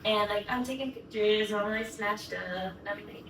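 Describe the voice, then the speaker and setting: A woman's voice: medium pitch, moderate pace. Young woman vlogging, gushy and chatty, says like a lot, mic kinda far, echoey room. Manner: gushing, chatty, heavy use of "like". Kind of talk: casual storytelling to camera. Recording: echoey room, mic at a distance, background noise.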